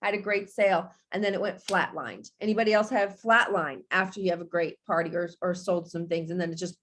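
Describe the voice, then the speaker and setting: A woman giving a casual motivational talk to her direct sales team, chatty and animated, laughing often and talking straight to her listeners. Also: fairly low pitch, a little fast. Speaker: direct sales business coach.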